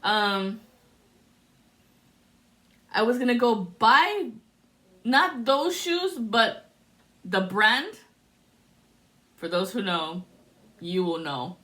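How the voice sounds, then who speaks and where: A woman drifting through a tarot reading at an unhurried, slow pace, her voice sitting at an ordinary middle pitch. She rambles and muses aloud and often laughs as she talks. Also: lively intonation, bright, forceful tone. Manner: rambling, musing, frequent laughter. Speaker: tarot reader. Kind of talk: spiritual tarot reading vlog.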